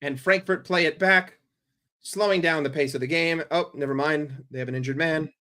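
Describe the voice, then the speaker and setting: A man gives live football commentary on his watchalong stream, sarcastic and full of swearing. His voice sits somewhat high with a very bright, forceful edge. He drops into low grumbling and then bursts into loud yells. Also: normal speed. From New York. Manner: profane, sarcastic and excitable, swinging from grumbling to yelling.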